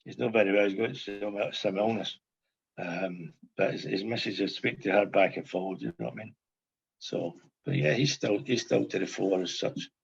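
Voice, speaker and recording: Older man, husky and rambling. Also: lowish voice, moderate pace, lo-fi sound. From Scotland. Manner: rambling, repeats phrases, many "you know what I mean". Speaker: podcast guest, former footballer. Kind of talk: casual reminiscing chat.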